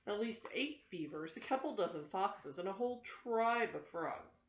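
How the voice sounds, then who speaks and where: A woman's voice: mid-range voice, expressive, moderate pace, a little hiss or hum, natural voice. An older woman voicing an earnest, polite little male frog in a storybook read aloud, in a roomy, slightly dull home recording. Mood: eager. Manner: eager, polite.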